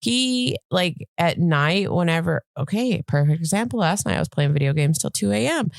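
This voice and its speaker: A woman in her forties co-hosting a casual podcast, talking in an animated way and telling stories about her cat. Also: fairly low pitch, normal speed, creaky, no room sound, clean studio sound. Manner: animated, acts out her cat's voice. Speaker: podcast co-host. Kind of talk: casual chat.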